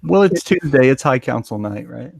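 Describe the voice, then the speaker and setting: A man's voice: mid-range voice, lively intonation, moderate pace, vocal fry, darkish tone, slightly rough, no room sound. A man co-hosting a casual stream on a new close mic, joking easily with friends. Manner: easygoing, joking. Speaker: regular co-host. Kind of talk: casual live-stream chat. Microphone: new close mic setup.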